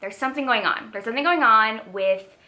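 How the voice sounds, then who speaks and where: A woman in her twenties reviewing books in a casual vlog, animated, expressive and chatty. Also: a little high, a little fast. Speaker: book vlogger.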